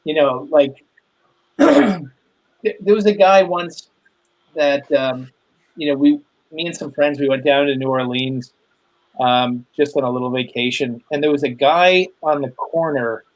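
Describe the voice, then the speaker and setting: Chatty middle-aged man, somewhat high voice. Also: unhurried, dull audio. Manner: rambling anecdotes with fillers and laughs. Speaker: guest. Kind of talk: casual storytelling chat.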